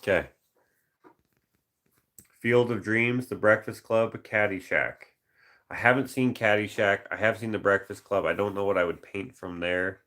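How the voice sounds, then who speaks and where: A man chatting casually to a live-stream audience, his voice sitting very low with a gravelly fry. He muses aloud over viewer suggestions and now and then slips into quick movie-quote voices. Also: a bit bright. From Canada. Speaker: painter reading viewer suggestions.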